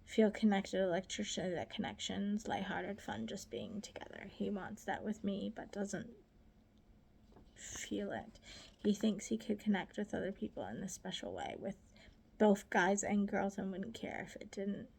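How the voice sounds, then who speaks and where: A woman reading her own diary aloud, soft and often half-whispered, halting and grieving. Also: mid-range voice, expressive, vocal fry, breathy edge. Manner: halting, with restarts. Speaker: diary reader.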